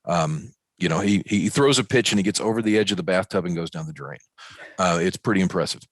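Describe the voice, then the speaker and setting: A man from Arkansas co-hosting a podcast, breaking down college baseball in a folksy, animated way with plenty of fillers and jokes. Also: low voice, fast talker, no room sound. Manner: folksy, animated, joking analysis with many fillers. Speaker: podcast co-host. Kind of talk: casual sports talk. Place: ballpark.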